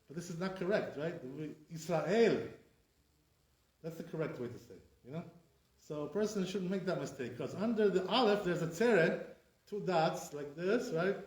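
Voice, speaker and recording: A man, a rabbi, teaching a casual class and saying "right?" often while he acts out wrong and right pronunciations. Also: sits high. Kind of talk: informal class lecture. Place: classroom with a live audience. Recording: echoey room, voice picked up from a distance.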